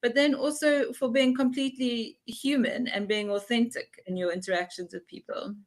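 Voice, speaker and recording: Young woman facilitator, chatty and lively, mimics dialogue as she explains. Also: on the high side, moderate pace. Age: young adult. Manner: animated, acts out little dialogues. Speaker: workshop facilitator. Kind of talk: conversational explaining.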